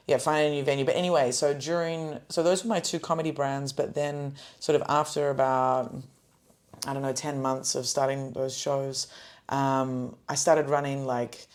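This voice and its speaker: A young woman hosting a podcast, chatting casually about comedy shows with lots of fillers and restarts, in a smooth phone-style voice. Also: rumbling low, little pitch movement, moderate pace, a little mellow. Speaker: podcast host and comedy showcase producer. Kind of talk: casual chat.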